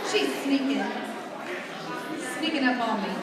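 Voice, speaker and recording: A woman's voice: sits high, expressive, a little slow. Playful woman emceeing in an echoey hall. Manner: playful, joking. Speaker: school assembly emcee. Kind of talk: announcing candidates at a school assembly. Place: large school hall or gym. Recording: echoey hall from far off with loud crowd. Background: crowd of students and loud noise.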